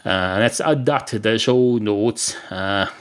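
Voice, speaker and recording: A man's voice: on the low side, takes it slowly, clean tone. Rambling Irish man joking alone. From Ireland. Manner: meandering, self-interrupting, deadpan asides. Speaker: podcast host. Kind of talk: rambling comic monologue.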